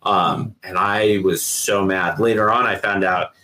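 A man's voice: deep voice, unhurried, rough recording. A middle-aged man, a retired sheriff's investigator, telling his story in a casual interview, acting out what others said. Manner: animated retelling with acted-out quotes and laughs.

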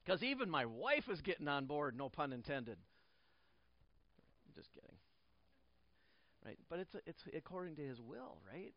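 A man's voice: on the high side, big pitch swings, moderate pace, long pauses, dry recording, lo-fi sound. A male pastor preaching a sermon in church, repeating key phrases and restarting lines, with light jokes for the congregation.

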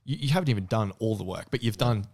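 Low-voiced man giving advice. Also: lively intonation, quick pace, darkish tone. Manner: earnest, advice-giving, swears casually. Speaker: podcast co-host. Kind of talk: casual chat.

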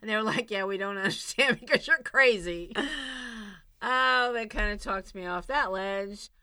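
A middle-aged woman hosting a recovery program, telling a personal story in a blunt, candid monologue with animated swings in loudness. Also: medium pitch, moderate pace, clean tone, no room sound. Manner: blunt, animated, swings into loud exclaims and laughs.

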